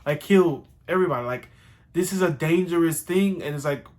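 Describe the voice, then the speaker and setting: A man with a notably high voice for his sex rambles through a casual recap. He sounds animated and excitable and swears freely as he talks. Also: brisk. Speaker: show host reviewing a TV series.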